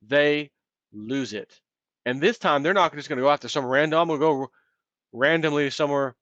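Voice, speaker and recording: A man's voice: medium pitch, a bit bright, dry recording. A man delivers a heated, impassioned solo rant, now and then slipping into the voices of imagined callers. His sound is dry and close, with no room around it, and a little dull and muffled. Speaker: commentary video host. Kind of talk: ranting solo commentary.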